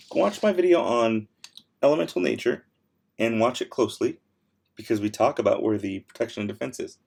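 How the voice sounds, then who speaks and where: A man's voice: mid-range voice, vocal fry, a little mellow, husky. A young man hosting a casual livestream, reading viewer comments aloud while he works, laid-back but a little tired and worn-voiced. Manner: laid-back, easily exasperated, mumbles while working. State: tired, losing his voice. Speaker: livestream host.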